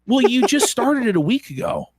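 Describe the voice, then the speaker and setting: A man's voice: very high-pitched, very animated, moderate pace, darkish tone, slightly rough, no echo, clean studio sound. A man reading out posts and mocking them in sarcastic, profane commentary. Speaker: co-host.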